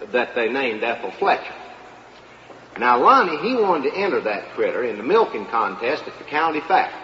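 A man's voice: mid-range voice, fairly bright tone, a little hiss or hum. A man telling a comic tall tale in a rambling, earnest drawl before an audience. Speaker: comic storyteller. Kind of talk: comic storytelling monologue. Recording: roomy dull live recording.

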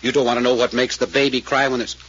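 A brisk, probing detective, rapid delivery, dull old recording with hiss. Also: male voice, mid-range voice, level tone, fairly bright tone, husky. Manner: probing, businesslike. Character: brisk male detective questioning a witness. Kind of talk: 1940s radio acting.

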